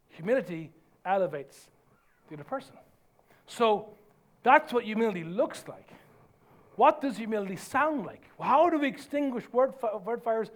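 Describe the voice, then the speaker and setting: High-voiced emphatic preacher. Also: male voice, very animated, normal speed, pauses often. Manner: emphatic preaching, drops to soft low lines for effect. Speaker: pastor. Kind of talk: sermon.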